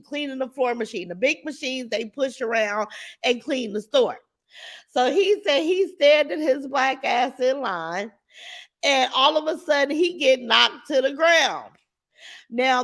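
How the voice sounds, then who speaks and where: A woman hosting a casual live stream, talking to viewers with lively exclamations. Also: sits high. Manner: animated, exclaims and repeats, addresses viewers as y'all. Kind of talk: casual live-stream chat reading comments.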